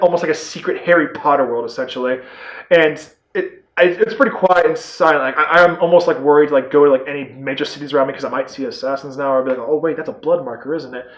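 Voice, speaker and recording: A man talks through a movie's plot in a loose, excitable ramble, leaning on "like" and dropping the odd curse. His voice sits a touch high. It bounces around an echoey room. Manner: rambling and excitable, heavy on "like", casual swearing. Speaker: movie reviewer. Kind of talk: casual spoiler-filled movie review.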